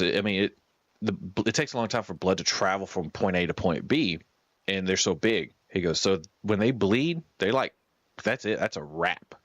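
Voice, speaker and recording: A man casually telling a hunting story on a stream, animated and acting out what his guide said. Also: fairly low pitch, no echo. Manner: animated, acts out the guide's words.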